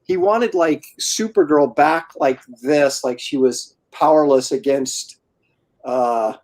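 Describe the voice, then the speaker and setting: A man with a slightly high voice tells wry, incredulous stories in an offhand way. He sounds like one of the regulars chatting over a group video call. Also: takes it slowly, a little mellow. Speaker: comic artist and panelist.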